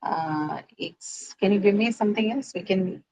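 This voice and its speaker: A woman's voice: medium pitch, moderate pace, warm tone, poor audio. Woman teaching word stress to a class. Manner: explains patiently with many fillers and checks like "right?". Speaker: English teacher.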